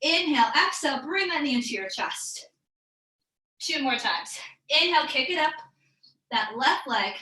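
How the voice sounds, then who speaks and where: A woman's voice: high voice, expressive, moderate pace, pauses often, bright, forceful tone, roomy sound, low-quality recording. A woman teaching a live online yoga class, calling out breaths and poses in an upbeat, encouraging way, a bit out of breath. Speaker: yoga instructor.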